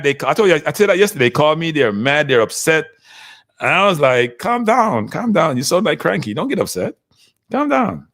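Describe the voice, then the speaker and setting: A man hosts a casual football livestream, talking straight to his live chat and answering viewers' comments in an animated way. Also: medium pitch. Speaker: livestream host.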